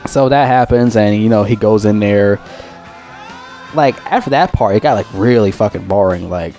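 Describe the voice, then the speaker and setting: A man's voice: fairly low pitch, moderate pace, mellow, faint music behind. A man giving a casual, profane movie review, rambling and complaining in an exasperated way.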